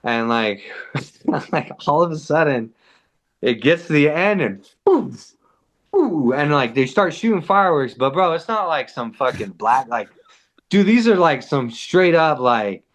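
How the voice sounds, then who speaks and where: A man's voice: fairly high pitch, unhurried. A man telling a wild story as a podcast guest, casual and profane, with "like" in almost every line. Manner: animated, profane, heavy use of "like".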